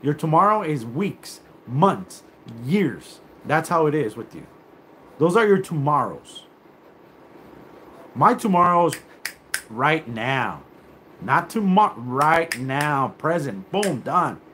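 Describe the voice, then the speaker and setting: A man's voice: fairly high pitch, very animated, slow, a bit bright, a little hiss or hum. A man hosting a livestream, ranting in a profane, confrontational and rambling way. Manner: rambling, with many fillers and restarts. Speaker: livestream host. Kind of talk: live rant on a stream.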